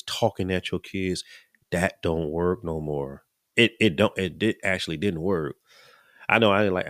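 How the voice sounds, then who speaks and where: Deep-voiced middle-aged man preaching earnestly. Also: a bit bright, no echo, studio quality. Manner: earnest, repeats and restarts words. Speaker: podcast host. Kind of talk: casual preaching talk.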